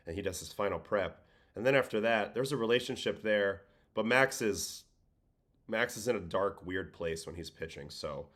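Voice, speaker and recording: Man host with a faint New York-Boston accent, deep voice, relaxed and a bit worn out, casual livestream talk. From Brooklyn, New York. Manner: relaxed, conversational, reads chat questions aloud. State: tired. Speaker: livestream host, former pitcher. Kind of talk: casual livestream chat answering viewers.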